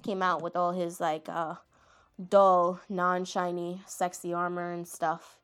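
A woman's voice: fairly low pitch, flat delivery, takes it slowly, clear, resonant tone. Chatty woman rambling casually. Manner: chatty, self-deprecating, heavy filler words. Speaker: anime commentator.

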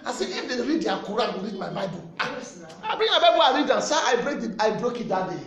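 A Nigerian man preaching a sermon with fervent, animated delivery and shouted refrains. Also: very high-pitched, fast, gravelly, reverberant.

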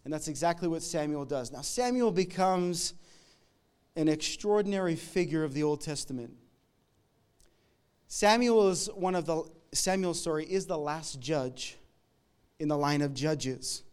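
A man from Canada preaching a sermon, telling a story in a conversational way with quick asides to the congregation. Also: on the high side, lively intonation, a little mellow, clear, resonant tone. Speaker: pastor.

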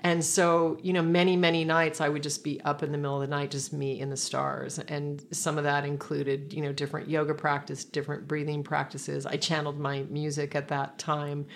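A woman guest in a relaxed conversation, telling a personal story in a reflective, meandering way with frequent restarts. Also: low-pitched, a little fast, creaky, few pauses, slight background noise.

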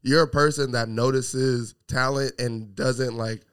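Rambling male podcast host, smooth voice. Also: mid-range voice, steady tone, unhurried, a bit bright. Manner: rambling, filler-heavy, full of praise. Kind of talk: casual podcast chat.

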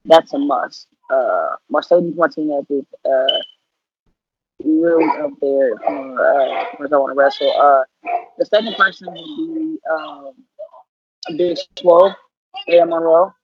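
A woman's voice: deep voice, takes it slowly, slightly rough, no echo. A woman in her thirties, a professional wrestler, chatting casually and playfully in an interview, full of slang. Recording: dull lo-fi audio.

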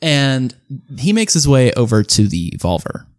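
A man narrating a tabletop game as game master, rambling and halting, often breaking into laughter. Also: medium pitch, huge pitch swings, a little mellow, no echo, clean studio sound.

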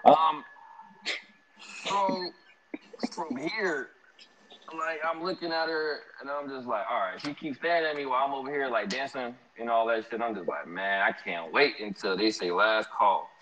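A young man casually telling an animated, slangy story about a night out, laughing often. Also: medium pitch, moderate pace, a crowd in the background. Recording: dull lo-fi sound.

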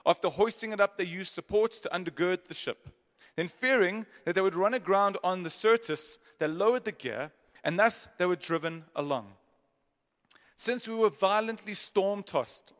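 A man's voice: high voice, normal speed. A man preaching a sermon, reading scripture with dramatic emphasis and joking asides to the congregation. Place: church auditorium. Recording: long hall reverb.

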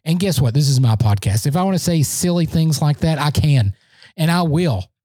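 Guy, excitable podcast fan rant, slightly high voice but mellow tone, dry close sound. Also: moderate pace, no room sound. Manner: excitable, boastful fan banter. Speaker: sports podcast host. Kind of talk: solo sports podcast rant. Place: indoor room, standing.

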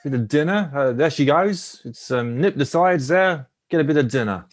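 A man attempting a New Zealand accent as a relaxed man heading for dinner, halting and mumbled. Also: a little high. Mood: laid-back. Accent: put-on New Zealand.

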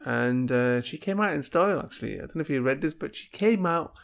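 A man's voice: on the high side, animated, brisk, vocal fry. A man telling comic stories in a casual monologue, laughing at his own jokes and acting out little bits of dialogue.

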